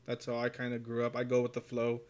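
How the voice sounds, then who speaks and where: A man's voice: medium pitch, monotone, fast. A man hosting a casual podcast chat, rambling through stories with lots of fillers and swearing. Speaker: podcast host.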